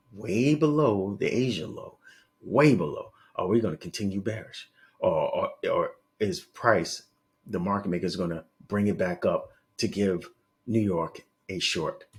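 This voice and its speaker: A man trading forex, thinking aloud as he marks up charts on screen, correcting himself and muttering as he works. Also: low voice. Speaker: forex trader analyzing charts. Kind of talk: live screen-share market analysis.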